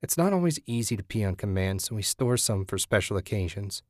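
A man voicing a frightened, submissive young woman who speaks quietly and mumbles. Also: lowish voice, lively intonation, fairly quick, no room sound, studio quality. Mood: subdued.

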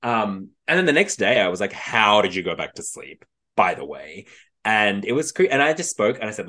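Male co-host, low voice, animated storyteller who acts out his quotes. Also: moderate pace. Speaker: podcast co-host. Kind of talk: casual storytelling chat.

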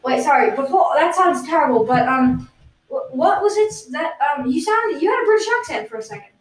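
A woman playing a self-proclaimed British guest who does not sound British. She rambles in deadpan nonsense on an improvised comedy podcast. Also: high voice, brisk, pitched above the performer's own voice. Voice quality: plain American-sounding voice. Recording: roomy, distant mic.

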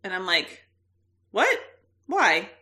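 A woman's voice: mid-range voice, slow pace. A woman in her thirties, a podcast co-host, telling a story in casual chat with frequent laughs. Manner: animated storyteller, laughs often.

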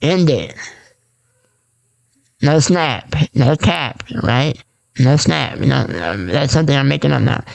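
Male solo podcaster, gravelly, rambling and unscripted, mid pitch. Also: animated, takes it slowly, long pauses. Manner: rambling, repetitive, restarts and filler-heavy. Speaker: podcast host.

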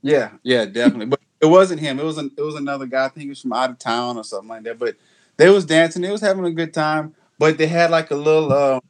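A man with a Louisiana accent, a musician guest telling a story in casual chat, halting and restarting often. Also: on the high side.

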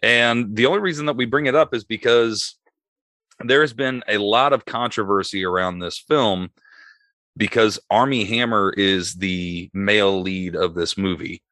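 A man's voice: fairly low pitch, moderate pace, pushed and bright, dry recording, clean studio sound. A man hosting a casual podcast chat, leading the talk and moving the show from topic to topic. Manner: leads the talk, steers to next topic. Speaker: podcast host.

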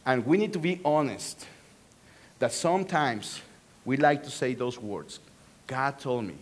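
A man with a Spanish accent preaching a sermon as a pastor, animated and joking with the congregation. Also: mid-range voice, unhurried.

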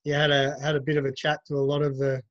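A man's voice: a little high, monotone, fast. A man hosting an interview, asking short, friendly questions. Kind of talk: casual interview. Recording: dull lo-fi sound.

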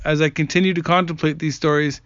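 A man's voice: fairly high pitch, little pitch movement, quick pace, a bit bright, no echo. Earnest man reading stories, dry dull sound. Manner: earnest, plain reading with small slips and restarts. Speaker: narrator reading viewer comments. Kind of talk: reading stories aloud with commentary. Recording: dry, slightly dull lo-fi recording.

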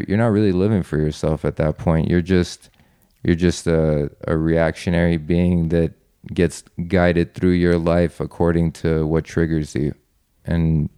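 Deep, even-voiced man telling his story. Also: clean tone, no echo, clean studio sound. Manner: earnest, reflective, frequent fillers. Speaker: podcast guest. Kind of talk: personal storytelling.

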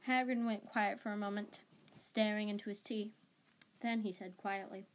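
A woman's voice: medium pitch, steady tone, normal speed. A woman reading a book aloud as an amateur reader, often stumbling and correcting herself. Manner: reads with frequent restarts and self-corrections. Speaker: audiobook reader.

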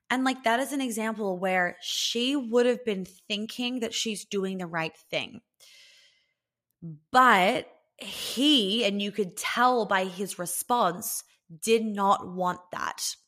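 A woman's voice: a little high, slow pace, a bit bright. A woman hosting a podcast as a relationship coach, talking casually and bluntly, swearing freely and filling her speech with "like". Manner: chatty and blunt, swears freely, many "like" fillers.

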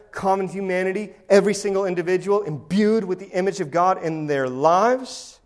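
A pastor preaching a sermon to his congregation, emphatic and now and then sarcastic. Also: on the high side.

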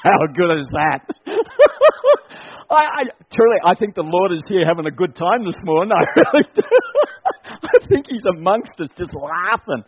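Man, preacher, church sermon, high voice, exhorting, laughs a lot, muffled lo-fi recording. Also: unhurried, breathy edge. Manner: animated, exhorting, laughs often. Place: church service.

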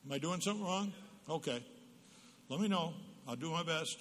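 A man's voice: fairly high pitch, lively intonation, brisk, fairly bright tone, a little hiss or hum. A psychologist giving a humorous parenting talk at church, a storyteller who acts out the quotes he tells. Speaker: guest speaker, psychologist. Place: church hall. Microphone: PA microphone. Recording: reverberant church hall.

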